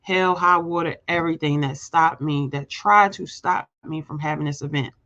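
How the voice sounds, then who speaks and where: A woman giving a motivational live-stream talk with preachy emphasis, circling back to repeat her points and checking in with "right?". She speaks straight to her viewers and calls them "y'all". The audio is dull and muffled, like a low-fi stream. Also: fairly even intonation, normal speed, fairly bright tone. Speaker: host of a live show; healthcare staffing agency owner.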